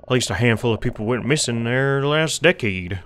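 A man's voice: medium pitch, expressive, normal speed, a bit bright, close to an everyday voice. A man voicing blunt, slightly irritable locals at a gas station in a video game. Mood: matter-of-fact. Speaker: game characters.

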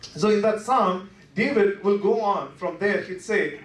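Guy preaching in a church, kinda high voice, chatty with lots of you-knows, sounds far off and echoey like a big sanctuary. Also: unhurried. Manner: conversational, full of "you know" fillers; swings between soft, low asides and impassioned rises. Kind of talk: Good Friday sermon. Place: church worship center. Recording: echoey sanctuary heard from a distance.

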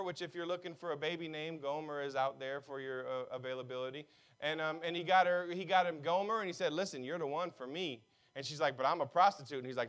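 A man preaching a sermon as pastor, mixing humor with passionate, shouted appeals. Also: fairly high pitch.

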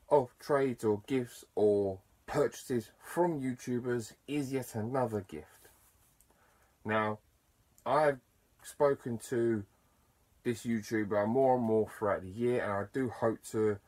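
A chatty man vlogging straight to camera, his pitch swinging widely between bursts of excitement and quieter stretches. He speaks casually and warmly, mixing shout-outs with self-deprecating asides. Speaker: YouTuber. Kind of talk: casual to-camera vlog talk.

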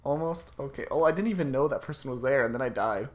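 Excitable young woman gaming. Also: a bass voice, quick pace. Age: young adult. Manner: excitable, lively, laughing, swearing. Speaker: gameplay commentator. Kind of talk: casual gaming chat.

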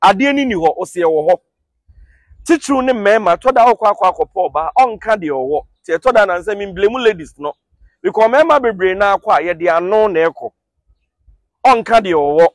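Ghanaian man, high voice, dry close sound; relaxed host explaining step by step. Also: normal speed, no room sound. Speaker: YouTube host explaining song lyrics. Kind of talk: casual explanatory talk to camera.

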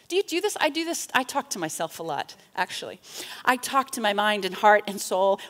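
A woman's voice: a little high, animated. A woman giving a reflective Bible talk, reading psalm passages with feeling and often asking "right?". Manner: slow, earnest, with frequent rhetorical "right?"; reads psalm passages with rising intensity. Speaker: teacher in a church class.

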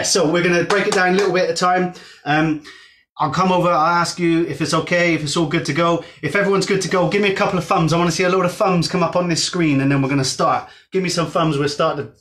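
A man's voice: fairly high pitch, a bit bright. A man from Gloucester with a Gloucestershire accent, leading a live-streamed dance fitness class in a chatty, upbeat way, greeting viewers by name. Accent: Gloucestershire English. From Gloucester, England. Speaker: fitness instructor.

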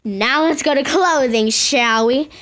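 A woman giving casual game commentary to her viewers in an excitable way, often squealing and gasping. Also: sits high, measured pace. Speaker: gaming video host.

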